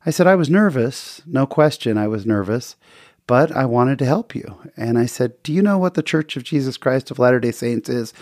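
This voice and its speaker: A man's voice: mid-range voice, expressive, normal speed, a little mellow, no room sound, clean studio sound. A man earnestly telling a personal story in a casual, conversational way, with small restarts. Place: hotel near San Diego, in the story.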